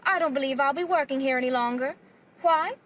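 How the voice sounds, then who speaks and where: An actress playing a deadpan young woman announcing she is quitting her job. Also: high-pitched, fairly quick, crowd noise, close to an everyday voice. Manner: deadpan, posh-sounding.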